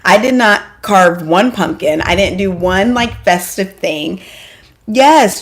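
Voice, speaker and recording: A woman hosting a casual live stream from home, chatty and excitable, joking at her own expense and greeting viewers by name. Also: medium pitch, takes it slowly. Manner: self-deprecating, apologetic asides. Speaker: homeschool mom vlogger hosting a live stream.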